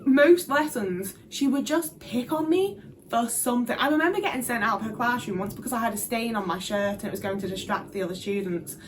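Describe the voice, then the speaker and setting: A woman's voice: fairly high pitch, brisk, a little hiss or hum. A young woman speaking frankly to camera, swearing often and restarting her sentences in a casual vlog. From Britain. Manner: frank, frequent swearing, emphatic; many fillers and restarts. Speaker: vlogger.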